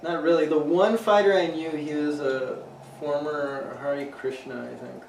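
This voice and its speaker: A man co-hosting a podcast in loose, profane banter. He laughs often and his voice sits a little high. He sounds off-mic in an echoey room with a faint hiss underneath. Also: steady tone, measured pace, creaky, recorded from a distance. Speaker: podcast co-host. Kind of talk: casual chat.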